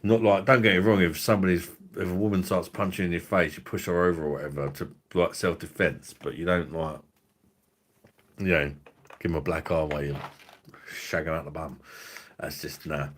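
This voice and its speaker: Deep-voiced man, crude rambling chat. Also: steady tone, fairly quick. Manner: crude, rambling, heavy swearing. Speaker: livestream host. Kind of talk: casual livestream chat.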